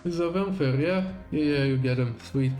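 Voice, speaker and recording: Tired streamer rambling casually. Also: male voice, on the high side, normal speed, mellow, faint music behind. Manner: rambling, filler-heavy. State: tired and strained after hours of streaming. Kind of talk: casual live-stream chat.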